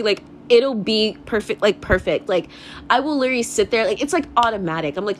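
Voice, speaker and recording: Young woman, podcast host, casual confessional rant, rambling, lots of swearing, higher voice, faint hiss. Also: lively intonation, moderate pace. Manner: rambling, swears a lot, laughs often.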